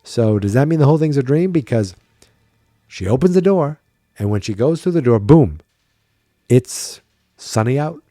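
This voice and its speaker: A man's voice: medium pitch, expressive, normal speed, long pauses, warm tone, no echo, clean studio sound. A tired man hosting a podcast, chatting wryly and thinking aloud in a casual solo recap. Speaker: podcast host.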